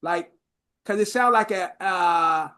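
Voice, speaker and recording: A man's voice: sits high, slow pace, bright, forceful tone. A man hosting a podcast in casual chat, loose and profane, often repeating his words. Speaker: podcast host.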